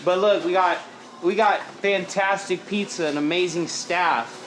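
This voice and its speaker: A man's voice: high-pitched, measured pace, background noise. A man from Oregon, a rapper, chatting casually and animatedly with slang and frequent laughs in a lounge bar. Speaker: rapper guest. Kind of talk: casual chat.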